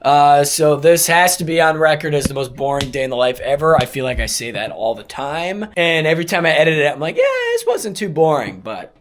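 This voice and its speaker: A man in his late twenties talks to the camera in a loose, rambling way, cracking jokes and dropping the odd swear word. He records on the go, first from a car and then outside at a skate park. Wind and passing traffic are clearly heard behind his voice. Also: on the high side, a little fast, few pauses, fairly bright tone. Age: late 20s. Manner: rambling, joking and offhand, with swearing. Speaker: vlogger. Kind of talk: casual vlog chat. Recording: outdoor wind and traffic noise.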